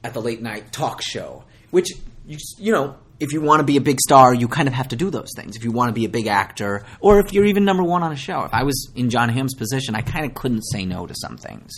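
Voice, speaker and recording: A young man from Minnesota, an actor guest in a casual interview, talking in an animated, self-deprecating way with many restarts. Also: mid-range voice, fairly quick, few pauses, breathy edge.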